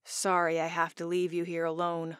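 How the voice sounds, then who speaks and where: A woman voicing a caring young man who looks after a sick friend, in a concerned and gently urging manner. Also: fairly low pitch, completely flat delivery, normal speed, clean tone, dry recording, studio quality, lightly acted. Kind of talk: audiobook character dialogue.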